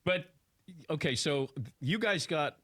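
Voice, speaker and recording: A man's voice: on the high side, lively intonation, slow, a bit bright, no room sound, studio quality. A talk show host asking his guest about an old game and laughing along. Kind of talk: casual talk show banter.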